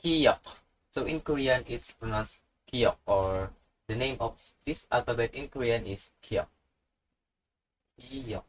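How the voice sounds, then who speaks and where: A man teaching a language tutorial, pronouncing each letter slowly and repeating it with example words. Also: medium pitch, slight background noise, low-quality recording. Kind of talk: slow instructional tutorial.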